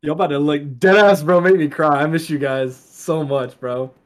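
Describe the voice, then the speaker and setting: A man's voice: a little high, steady tone, moderate pace. A young man in his twenties, a soldier chatting casually on a podcast, emotional and laughing, heavy on swearing. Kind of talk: casual chat.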